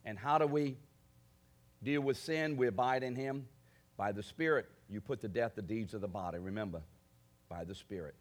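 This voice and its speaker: A man preaching a sermon, asking his congregation direct questions and building to forceful declarations. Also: on the low side, moderate pace. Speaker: pastor.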